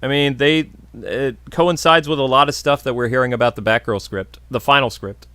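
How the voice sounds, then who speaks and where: A man's voice: mid-range voice, moderate pace, pushed and bright, clean tone, dry recording. A man hosting a podcast, casually answering viewer questions in a blunt, jokey, opinionated way. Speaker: podcast host.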